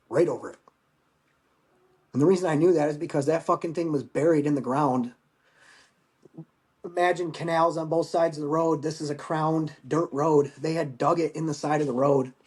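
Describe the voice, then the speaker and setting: A veteran in his forties, guesting on a podcast, recounts a personal war story haltingly and emotionally, using rough language. His voice is a little high with a darkish tone.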